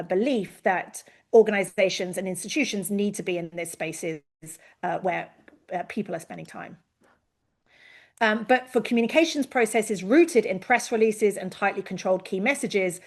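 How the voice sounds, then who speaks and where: A woman giving an expert presentation on a video call, lively and given to acting out quoted voices. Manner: lively, acts out quoted voices with big pitch jumps. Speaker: invited expert speaker. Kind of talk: online presentation to a learning session.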